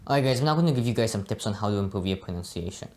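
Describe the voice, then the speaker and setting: Racing along in a fairly low voice, a young man walks through Arabic pronunciation in an easygoing teaching monologue. He's relaxed and often ends lines with "right?" or "you know."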